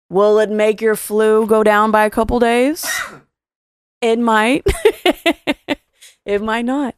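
This is a woman with a fairly high voice, chatting on a podcast. She tells a story with plenty of swearing, often laughing and acting out the people in it. The sound is close and dry. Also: fairly even intonation, takes it slowly, long pauses, clear, resonant tone, dry recording. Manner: swears freely, laughs through stories, acts out quoted people. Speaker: podcast co-host. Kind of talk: casual comedic storytelling.

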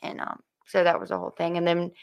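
A woman recounting a personal story in a casual talk. Her voice carries a gravelly fry, and she stops and restarts her sentences often, leaning on fillers. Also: lowish voice, monotone, quick pace. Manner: hesitant, many fillers and restarts.

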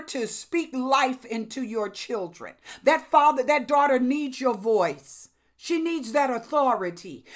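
A middle-aged woman preaching a sermon in an animated, exclamatory way, with sudden loud rises. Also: a little high.

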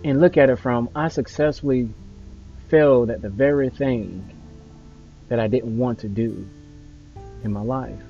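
A father giving an earnest motivational talk, his voice often dropping softly at the ends of phrases. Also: medium pitch, measured pace, gravelly, pauses often. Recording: slightly dull audio with faint music.

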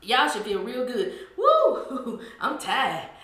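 Brief: woman host, high voice, animated and teasing, heavy room echo. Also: measured pace, slight background noise. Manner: animated, teasing, church-style call and response. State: out of breath. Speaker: podcast host. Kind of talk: playful podcast monologue, chanting dance calls. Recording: very echoey room.

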